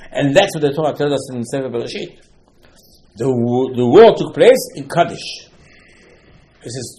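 A man's voice: mid-range voice, moderate pace, dark tone. A man teaching a Torah lesson as a rabbi, telling the story with acted-out dialogue, sudden emphatic rises, Hebrew terms and broken English phrasing.

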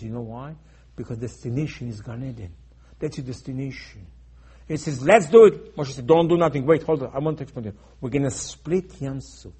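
Male preacher, husky mid-range voice, emphatic storyteller who jumps from loud outbursts to murmurs. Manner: emphatic, swings between loud bursts and low asides. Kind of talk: sermon.

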